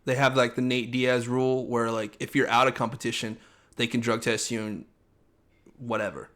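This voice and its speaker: A young man co-hosting a casual chat, talking quickly and with strong opinions, often acting out what coaches say. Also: mid-range voice, steady tone, a bit bright. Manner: fast, opinionated, acts out coaches' lines in quotes. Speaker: podcast co-host.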